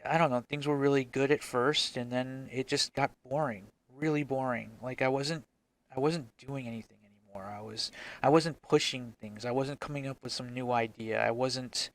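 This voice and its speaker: A man's voice: medium pitch, normal speed. A man talking to camera in a casual, reflective vlog as an indie game developer. He is frank, rambles with many restarts, and swears freely.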